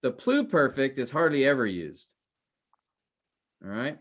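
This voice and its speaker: Man, teacher, classroom lecture, halting with restarts, trails off softly. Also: medium pitch, very animated, highs cut off. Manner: halting, many fillers and restarts.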